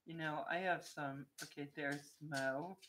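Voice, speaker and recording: Slow, low-pitched chatty woman vlogger. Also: fairly even intonation, a bit bright, a little hiss or hum. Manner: chatty and playful, often laughing and talking to her dog. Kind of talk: casual live-stream chat.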